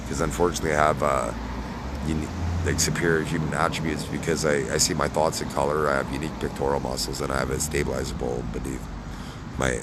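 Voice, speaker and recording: A man talking casually to camera in a rambling, halting monologue full of fillers and tag questions. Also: a bass voice, gravelly, background noise. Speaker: vlogger.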